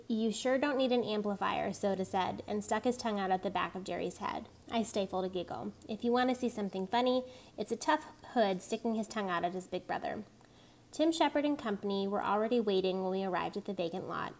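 A woman's voice: mid-range voice, a little mellow. A woman reading a novel chapter aloud, telling it plainly and evenly, with small rises for the dialogue. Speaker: reader.

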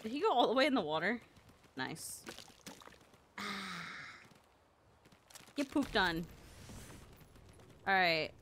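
A woman giving casual gameplay commentary, excitable, yelping and squealing when hit. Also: medium pitch, slow pace, pauses often, background noise. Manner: excitable, yelps and squeals at hits. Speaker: gaming video creator.

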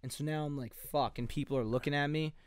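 Smooth-voiced young guy telling a story. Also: fairly high pitch, steady tone, racing. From New Jersey. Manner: rambling, peppered with "like" and "dude". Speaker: podcast co-host. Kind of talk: casual storytelling. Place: home basement, on a couch.

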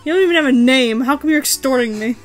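A woman playing through a game, making playful, deadpan quips as she goes. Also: high voice, fast talker, soft background music. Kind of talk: casual gameplay chat.

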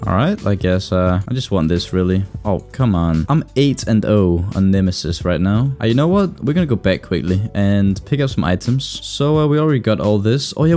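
A young man giving live gameplay commentary, excitable and swearing as he reacts to the game. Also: mid-range voice. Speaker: gaming YouTuber.

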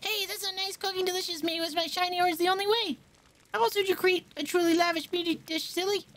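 A woman voicing a fussy, proud young woman cook in a video game, reading her lines aloud in a high, chirpy, indignant voice. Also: fairly even intonation, quick pace, a bit bright, a little hiss or hum.

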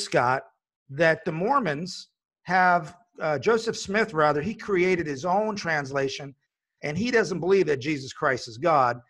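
A man's voice: on the high side, a bit bright. A man hosting a religious broadcast, talking in an earnest, emphatic way with frequent fillers and restarts. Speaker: host.

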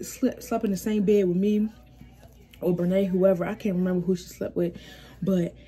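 A young woman tells a storytime in a casual, animated way, jumping into voices for quotes and laughing along. Her tone is mellow and a little husky. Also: mid-range voice.

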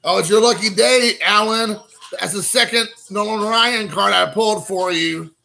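Excitable high gravelly man rambling. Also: moderate pace, soft background music, poor audio. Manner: excitable, rambling, calls people dude. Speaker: host opening trading card packs. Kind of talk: casual live-stream chat.

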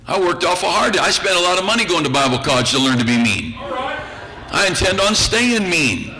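A man's voice: fairly high pitch, lively intonation, fast, a crowd in the background, low-quality recording. A male pastor preaching a sermon in a church, folksy and teasing, acting out the voices of the people he quotes. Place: church sanctuary.

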